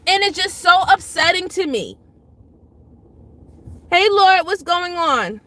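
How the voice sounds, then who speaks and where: A woman's voice: very high-pitched, expressive, takes it slowly, fairly bright tone. A woman hosting a casual livestream who greets chatters by name and lectures and pleads with her viewers, repeating her points for emphasis. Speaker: livestream host.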